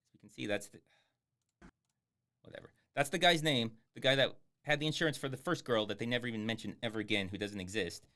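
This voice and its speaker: A man's voice: mid-range voice, fast, sharp tone. A man giving sarcastic, swearing live commentary on a film as he streams it. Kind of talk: casual livestream commentary.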